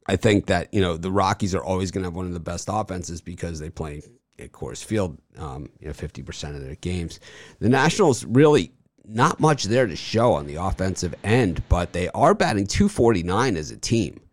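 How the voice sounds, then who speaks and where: A man hosting a sports betting show, chatting casually about baseball picks and telling stories with animated bursts that trail off low. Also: dry recording, studio quality.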